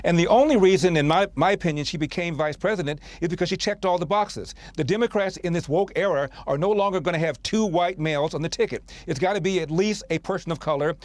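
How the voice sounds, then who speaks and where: TV guest commentator, male, fairly high voice, measured delivery with 'uh' fillers, dry sound. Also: dry recording. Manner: measured, many 'uh' pauses, argumentative. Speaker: radio host guest. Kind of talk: TV news interview.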